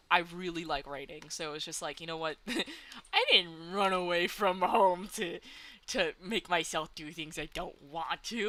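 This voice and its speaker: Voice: medium pitch, bright, forceful tone. A young adult streamer from Canada chatting casually while gaming, giggling often and filling talk with "like". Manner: chatty, giggly, many "like" fillers.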